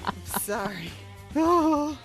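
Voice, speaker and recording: A woman co-hosting a podcast in casual chat, animated and laughing often. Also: high voice, loud music behind the voice. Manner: animated, laughing, quick asides. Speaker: podcast co-host.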